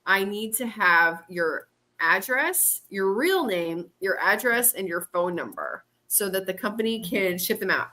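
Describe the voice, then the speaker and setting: A woman's voice: mid-range voice, sing-song, measured pace, bright, forceful tone. A woman moderating and co-hosting a casual livestream, chatty and laughing often.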